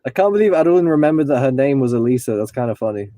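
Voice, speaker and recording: A young man chats loosely with his livestream viewers from inside his car. His voice is very dark and mellow, with middling pitch, and he drifts from thought to thought, talking straight to the chat. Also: lively intonation, fast, no echo. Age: 20s. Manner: rambling, talks to chat viewers, breaks into singing. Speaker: livestreaming rideshare driver.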